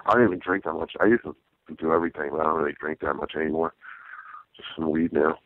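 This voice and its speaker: A man, a stand-up comedian, talking casually in an interview, halting and restarting often. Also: extremely low pitch, no echo. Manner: halting, with many restarts and fillers. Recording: dry, tinny phone-like sound.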